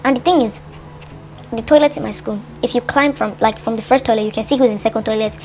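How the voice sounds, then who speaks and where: A woman's voice: a little high, quick pace, faint music behind. A young woman tells a personal story to her vlog, full of fillers like "like" and acting out her own thoughts. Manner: animated storytelling, lots of "like", dramatizes her thoughts. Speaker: vlogger.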